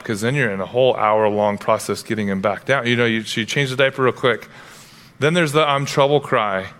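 A young adult man preaching as pastor, telling stories with lively acted-out voices. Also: medium pitch. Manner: animated storytelling, acts out voices in anecdotes. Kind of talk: sermon. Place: church. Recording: long reverb of a church hall.

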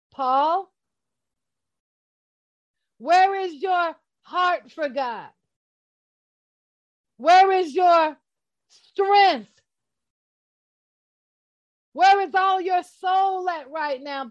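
A woman's voice: extremely high pitch, very slow, long pauses, dull audio. A woman teaching a casual sermon, talking straight to her listeners in an impassioned, emphatic way. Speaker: bible teacher.

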